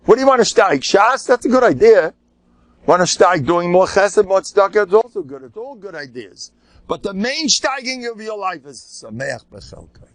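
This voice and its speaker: An older man, a rabbi, giving an informal, animated Torah lecture, joking and asking his listeners rhetorical questions. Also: sits high, normal speed. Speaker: rabbi teaching a class.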